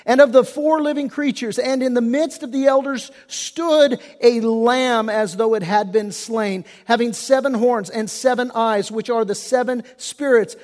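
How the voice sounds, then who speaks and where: A man's voice: very high voice, steady tone, a little slow, few pauses, darkish tone. Man, pastor, impassioned sermon, folksy wording, long church reverb. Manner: impassioned, rising and falling preaching with many restarts.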